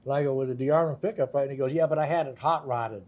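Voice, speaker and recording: An older man, a guitarist, telling anecdotes in a relaxed interview, laughing often and acting out the voices of the people in his stories. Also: medium pitch, fast, lo-fi sound. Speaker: guest guitarist. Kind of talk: casual storytelling interview.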